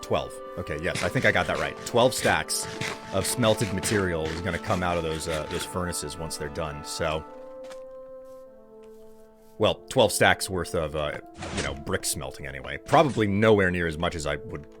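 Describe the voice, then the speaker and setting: A man streaming himself gaming, chatting in a relaxed, rambling way that often corrects itself. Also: sits low, moderate pace, over music. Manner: rambling, self-correcting, chuckling. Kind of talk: laid-back live-stream chat while gaming.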